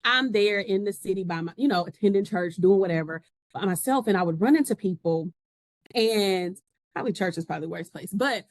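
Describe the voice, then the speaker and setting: A woman's voice: medium pitch, a little fast, no room sound. Woman, podcast guest, casual storytelling, acts out quoted voices, dry close sound. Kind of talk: casual conversation.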